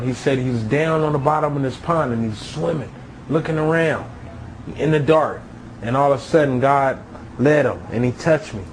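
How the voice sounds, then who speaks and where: A man's voice: mid-range voice, a little hiss or hum, rough recording. A man telling his own near-death story as a testimony, with emotional storytelling.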